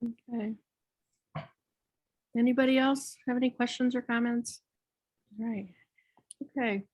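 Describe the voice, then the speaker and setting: A woman hosting a poetry reading, speaking gently with hesitant fillers as she thanks readers and introduces the next one. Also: fairly high pitch, steady tone, a little slow, rough recording. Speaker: reading host. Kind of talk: event hosting.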